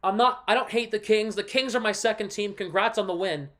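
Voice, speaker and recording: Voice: mid-range voice, brisk, a bit bright. Hockey streamer breaking down plays then venting, fed up and emphatic, just talking to chat. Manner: frustrated, ranting, emphatic; walks viewers through a play by pointing on screen. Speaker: livestream host and hockey fan. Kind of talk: casual livestream commentary on a game.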